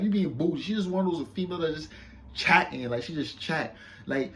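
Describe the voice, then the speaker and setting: A young man telling a casual storytime to his viewers in a loose, slangy, boastful way. He keeps checking in with the listener and gets loud and excited when he retells an argument. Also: on the high side, fast. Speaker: vlogger.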